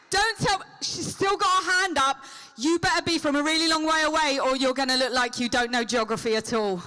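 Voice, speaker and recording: High, bright-voiced woman teasing a crowd. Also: fairly quick, few pauses. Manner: teasing, playful comic patter. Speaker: celebrity convention guest. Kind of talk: live Q&A audience banter. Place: convention stage before a live audience. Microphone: handheld microphone.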